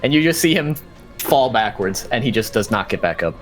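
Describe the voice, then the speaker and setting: Man, dungeon master, lively rising and falling pitch, laid-back storyteller, faint music behind. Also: fairly quick. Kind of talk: narrating a tabletop game.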